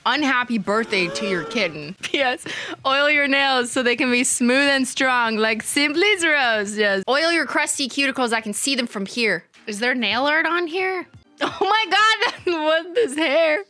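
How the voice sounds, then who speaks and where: A woman in her thirties hosts a livestream roast, tossing off sarcastic, teasing jabs and laughing often. Her voice is bright and sits a little high. Faint music runs underneath. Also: lively intonation, moderate pace, no room sound. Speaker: nail art YouTuber and livestream host.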